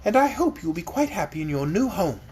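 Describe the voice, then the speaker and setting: A man's voice: high-pitched, very animated, quick pace, a little mellow, husky, exaggerated voice. Male reader as a regal girl ruler: formal, gracious, firm. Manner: stately, formal.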